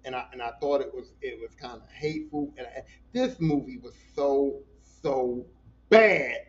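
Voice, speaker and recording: A man's voice: medium pitch, sing-song, normal speed. A man hosting a podcast in a casual monologue, talking bluntly and profanely, with many repeated words. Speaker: podcast host. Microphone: voice message. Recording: dull lo-fi podcast audio.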